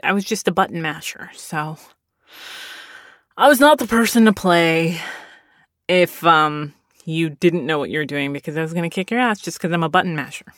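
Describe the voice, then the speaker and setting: A woman's voice: fairly low pitch, dry recording, studio quality. A woman in her thirties, a voice actor, talking candidly and rambling in a casual monologue, swearing now and then. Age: 30s. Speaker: voice actor and podcast host.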